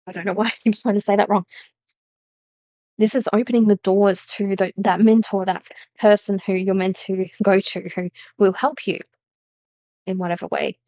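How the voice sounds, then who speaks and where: A woman reads tarot messages for her viewers in an earnest, emphatic way, often circling back to repeat a phrase. Her voice sits at a middle pitch. The sound is dry and close, with no room echo. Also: fairly even intonation, moderate pace, long pauses, dark tone. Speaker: tarot reader. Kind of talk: spiritual reading to camera.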